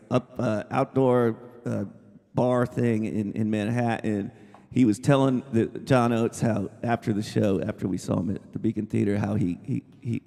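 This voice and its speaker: A man's voice: mid-range voice, creaky, darkish tone, long reverb tail. A man, a singer-songwriter, telling a rambling, casual story on stage between songs at a small live music venue, with many restarts.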